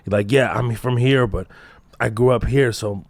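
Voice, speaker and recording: A man in his thirties with a Texan accent, a comedian guest telling stories in casual podcast chat, animated and quick to laugh, slipping into accents. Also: medium pitch, no room sound. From Kuwait. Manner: animated storyteller, laughs often, slips into accents.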